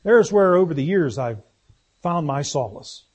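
A man's voice: a little high, lively intonation, measured pace, darkish tone. A man preaching a sermon in a folksy, conversational way, putting questions to his congregation.

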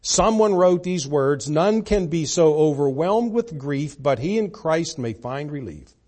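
A man preaching a sermon, pressing key points hard and then dropping to a soft, hushed voice. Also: a little high, expressive, measured pace. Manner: emphatic, swings from loud to soft.

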